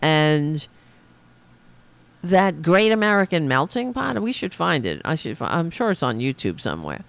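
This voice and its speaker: A woman's voice: low voice, big pitch swings, normal speed, creaky. A middle-aged woman hosting a political commentary podcast, ranting angrily and swearing a lot. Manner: angry, profane ranting. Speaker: podcast host.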